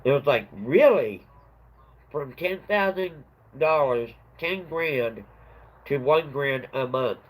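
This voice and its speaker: A man's voice: medium pitch, lively intonation, slow pace, poor audio. A middle-aged man hosting a livestream, telling a rambling story in a casual chat and laughing at his own tale. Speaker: livestream host.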